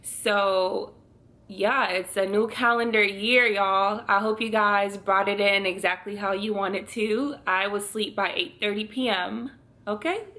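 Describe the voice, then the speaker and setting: A woman's voice: mid-range voice, steady tone, measured pace, bright, forceful tone. A woman in her twenties talking earnestly to her viewers in a casual faith vlog, laughing now and then. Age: 20s. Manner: earnest, speaks straight to viewers, often laughing. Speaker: vlogger.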